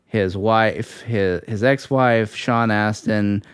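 A man co-hosting a podcast, slowly recapping a film plot in a halting way with fillers. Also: fairly low pitch, smooth, no room sound, studio quality. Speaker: podcast co-host. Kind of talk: casual film discussion.

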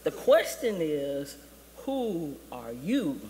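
A preacher voicing an eccentric old male baboon sage who speaks slowly and knowingly. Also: on the high side, big pitch swings, a little mellow, slight background noise, heavily acted. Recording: long reverb of a church hall.

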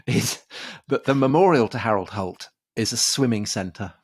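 A man's voice: fairly low pitch, a little slow, husky. An English man hosting a casual history podcast, telling stories with frequent laughs and fillers. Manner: chatty storyteller, laughs often, many fillers. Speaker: podcast host.

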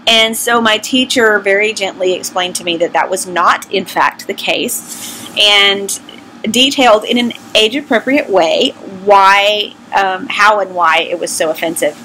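Bright-voiced Southern woman telling stories candidly. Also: mid-range voice, measured pace, slight background noise, rough recording. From American South. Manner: candid, self-deprecating, conversational. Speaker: vlogger. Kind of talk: casual personal storytelling.

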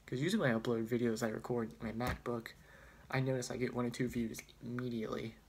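A man's voice: medium pitch, steady tone, fast, slight background noise. A young man vlogging casually on his phone, rambling and hesitant with a self-deprecating manner. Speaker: student vlogger. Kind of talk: casual chat.

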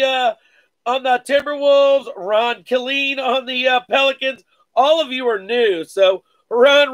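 A man with a fairly high voice runs a live card break stream and chats easily with his viewers. He talks in a loose, casual way, full of "uh" fillers, and calls out people by name as he goes. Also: fairly bright tone. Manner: laid-back, many "uh" fillers, greets viewers by name.

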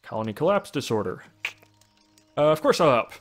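Male let's-play host, wry thinking-aloud commentary, average pitch, light game music behind. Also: sing-song, a little fast. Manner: musing, thinks aloud with restarts and wry asides. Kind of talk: casual gameplay commentary.

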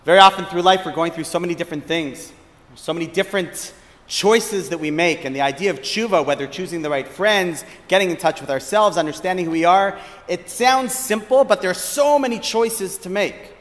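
A man giving a reflective sermon as a rabbi, measured and thoughtful, posing questions. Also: sits high, fairly bright tone, in a large hall. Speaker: rabbi giving a short lecture.

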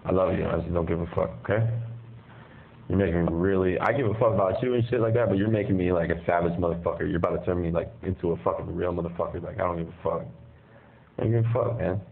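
Gravelly, fast-talking man on a tinny phone line. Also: deep voice, steady tone. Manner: profane, aggressive and threatening. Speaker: inmate on a jail call. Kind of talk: heated phone argument. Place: jail. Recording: tinny jail phone line with faint hiss.

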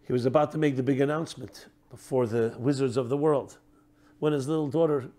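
Speaking as a rabbi, a man gives a reflective teaching talk, asking rhetorical questions and letting his phrases trail off softly. His mid-range voice is steady and fairly quick.

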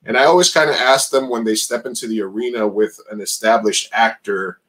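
A man's voice: lowish voice, a little fast, a bit bright, rough recording. A man hosting a casual podcast interview, asking long rambling questions full of fillers. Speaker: podcast host.

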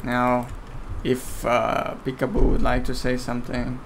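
A man's voice: mid-range voice, monotone, unhurried, background noise. A man whose first language is Romanian, casually commentating a strategy game match with a friend, chatty and getting heated when he argues.

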